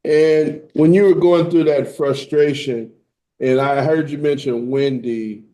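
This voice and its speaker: A man on a parole board asking questions in a measured, polite way. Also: on the high side, fairly even intonation, warm tone. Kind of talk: hearing questions.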